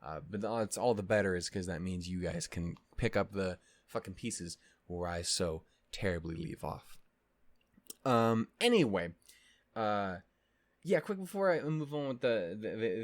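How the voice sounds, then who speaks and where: A man rants in an animated, mock-outraged way, and his pitch swings widely as he goes. He swears freely and rambles, trips over restarts, then circles back to his point. The sound is dry and close, with no room echo. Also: moderate pace. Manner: rambling with many fillers and restarts. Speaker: anime discussion host. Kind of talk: casual rant.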